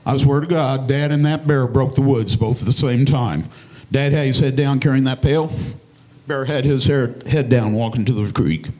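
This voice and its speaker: A man telling a stand-up comedy story in a folksy, plain-spoken way, with deadpan punchlines. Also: mid-range voice.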